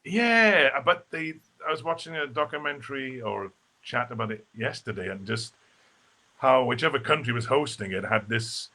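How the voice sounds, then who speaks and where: A man in a relaxed live video interview, talking as a stage actor guest. His voice is bright and forward at a middling pitch, and he rambles along with plenty of "you know"s and restarts. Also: normal speed. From Wales. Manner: chatty and rambling, many fillers and restarts.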